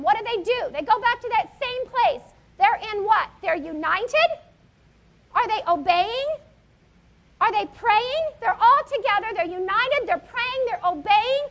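A woman in her thirties preaching a sermon, telling stories with animation and putting questions to the congregation. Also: extremely high pitch. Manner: animated storytelling, asks the audience questions.

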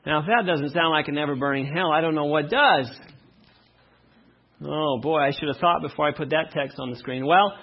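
A man preaching a sermon as pastor, reading verses slowly and loudly, then dropping to quiet asides. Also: fairly high pitch, slightly rough, highs cut off.

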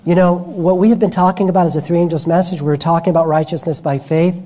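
A man's voice: on the high side, steady tone, quick pace, mellow. A man preaching a sermon who tells personal stories with frequent restarts and self-corrections.

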